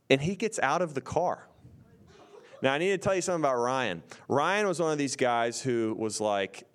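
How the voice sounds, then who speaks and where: Excitable man telling a story. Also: on the low side, clean tone. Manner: excitable, acts out screams and voices. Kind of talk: animated storytelling.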